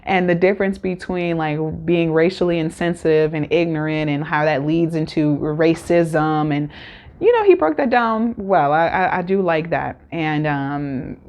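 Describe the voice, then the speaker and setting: A woman's voice: deep voice, animated, normal speed, a little mellow. A woman hosting a casual solo recap, talking candidly with many fillers and acted-out quotes. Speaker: show recap host.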